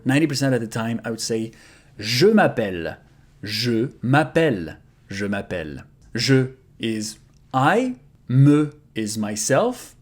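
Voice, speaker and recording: Quebecois guy teaching basics, says each phrase over and over real slow. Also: mid-range voice, a little mellow. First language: French. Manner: slow, careful repetition of example phrases. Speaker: French teacher. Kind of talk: casual language lesson.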